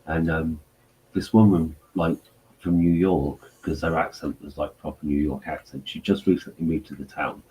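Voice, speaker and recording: Deep guy, casual co-host, rambles with lots of "um" and "like". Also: level tone, dark tone, a little hiss or hum, low-quality recording. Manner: rambling, halting, full of fillers. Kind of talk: casual chat.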